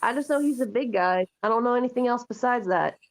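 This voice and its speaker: A woman's voice: fairly high pitch, fast talker. A woman co-hosting a casual wrestling chat, telling stories with jokes. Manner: joking, animated storyteller. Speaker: co-host. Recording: dull, muffled audio.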